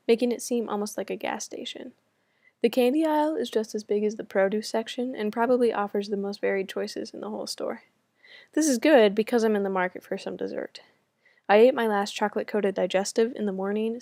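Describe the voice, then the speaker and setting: A woman's voice: mid-range voice, creaky, a little mellow, no echo. A young American woman from the States reading her own personal essay aloud with wry, self-mocking humor. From United States. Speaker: student writer.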